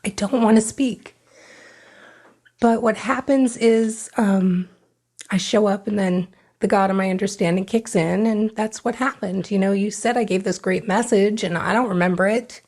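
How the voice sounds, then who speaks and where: A woman's voice: mid-range voice, fairly even intonation, moderate pace, a little mellow. Candid middle-aged woman telling her recovery story. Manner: frank, emotional, re-enacts her own past words. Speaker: podcast guest.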